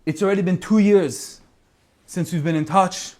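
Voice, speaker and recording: A man's voice: high-pitched, steady tone, normal speed, a little mellow, voice pushed up, close to an everyday voice. A man voicing a desperate mother who pleads with her son through letters. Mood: pleading. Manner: pleading, letter-reading delivery.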